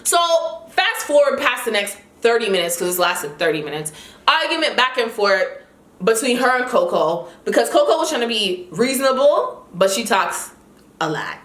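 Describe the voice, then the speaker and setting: A woman's voice: fairly high pitch, big pitch swings, moderate pace, fairly bright tone. A young woman vlogger telling a heated, indignant story in a casual way. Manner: heated, indignant retelling with quoted dialogue. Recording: echoey room.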